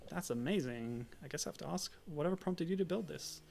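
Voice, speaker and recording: A man's voice: on the high side, expressive, a little fast, creaky, darkish tone, a little hiss or hum. A man voicing a frustrated young male frog hero in a video game, exasperated and demanding.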